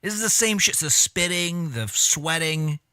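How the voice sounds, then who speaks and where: Streamer guy reacting to clips, cussing and mocking, kinda high voice, dry sound. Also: moderate pace, bright, forceful tone, clean tone, no echo. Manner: blunt, swears often, mocking asides. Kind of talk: casual reaction commentary.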